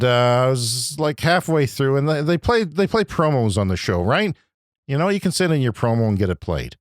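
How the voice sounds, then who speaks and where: A man hosting a podcast, delivering an agitated, profane comedic rant that swings between loud outbursts and low muttering. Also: no room sound, studio quality. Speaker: podcast host. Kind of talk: ranting comedic monologue.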